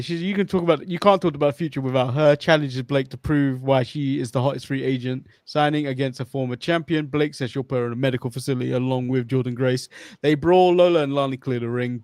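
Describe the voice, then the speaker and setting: A man's voice: mid-range voice, fairly even intonation, brisk, darkish tone, no room sound, clean studio sound. A man from London with a London accent, co-hosting a casual wrestling chat and bluntly cutting in to disagree. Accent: London English. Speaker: podcast co-host.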